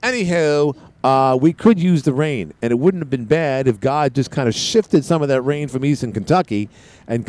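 A man's voice: mid-range voice, mellow. A man hosting a call-in talk radio show, rambling casually with frequent restarts. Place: radio studio.

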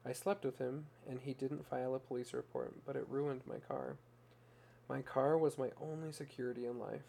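A man's voice: mid-range voice, fairly even intonation, moderate pace, vocal fry, dark tone. A man voicing a desperate young mother who pours out a raw, plain-spoken confession in a story reading. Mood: despairing.

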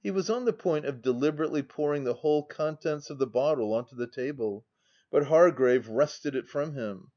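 A man narrating a classic novel as an audiobook, reading in a measured, even way. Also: a little high, highs cut off.

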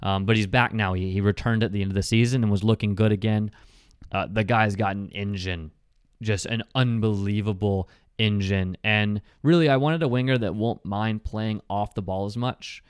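A man co-hosting a relaxed sports chat, his voice low and smooth. He talks in quick, chatty runs full of fillers and little asides. The sound is dry and close. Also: no room sound. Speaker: podcast co-host.

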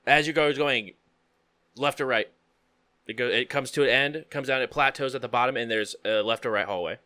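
A man runs a tabletop adventure as game master, his voice bright and clean-edged. He describes each scene haltingly, pausing often on fillers. The sound is close and dry, with almost no room around it. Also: mid-range voice, no room sound.

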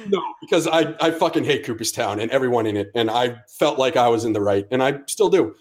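A man's voice: medium pitch, expressive, fast talker. A young man from the United States telling a long story on a casual podcast, cursing freely and acting out every line of dialogue. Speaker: podcast co-host.

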